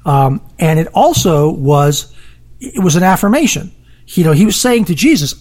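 Co-host in a casual bible chat, super animated, swoopy pitch. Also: moderate pace. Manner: animated, acts out crowd voices. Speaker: podcast co-host.

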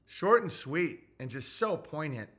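A man streaming casually, profane and excitable, laughing often as he reacts to his chat. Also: on the high side, unhurried. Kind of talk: casual stream chat, reading viewer messages.

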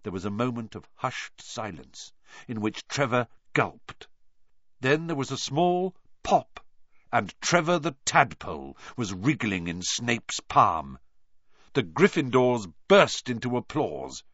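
A man narrating an audiobook in a lively, expressive reading style. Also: medium pitch, takes it slowly, no room sound, lo-fi sound.

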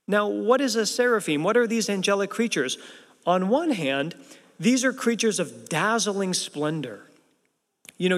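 Man, pastor, emphatic sermon, rhetorical questions, big church reverb. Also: high-pitched. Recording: long reverb of a large hall.

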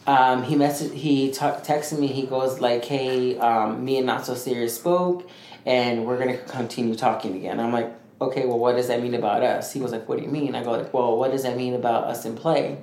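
A man co-hosting a podcast, telling a story in a rambling, animated way and acting out what others said. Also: mid-range voice, a little fast. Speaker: podcast co-host. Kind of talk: casual storytelling chat. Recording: echoey room with faint noise.

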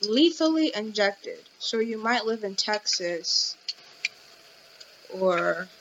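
A woman's voice: medium pitch, animated, slow. A young woman hosting a casual podcast, rambling with many restarts and fillers, recorded at home. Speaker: podcast host. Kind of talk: casual commentary. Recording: dull lo-fi audio with faint noise.

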